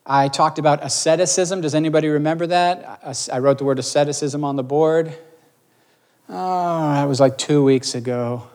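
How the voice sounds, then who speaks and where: Man preaching, pastor, conversational, checks in with listeners, slightly high voice. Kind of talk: sermon.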